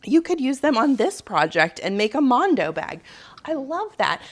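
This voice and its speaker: A sewing channel host, a woman in her thirties with a Southern US accent, leads a casual sew-along tutorial from her home sewing room. Her voice sits high and sing-song at normal speed, and she's chatty and rambling, laughing often.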